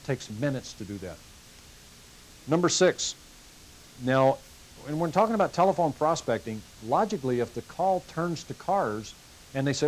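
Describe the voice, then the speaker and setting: A man's voice: medium pitch, lively intonation, moderate pace, poor audio. A middle-aged man leading a car sales training session in a folksy way, acting out calls with customers. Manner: folksy, acts out customer dialogue. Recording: hissy 1990s VHS tape.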